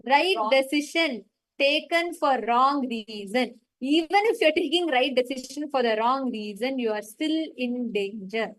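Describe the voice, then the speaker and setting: A woman's voice: high voice, a little slow, low-quality recording. A woman facilitating a live online meditation session, retelling a story and stressing her points.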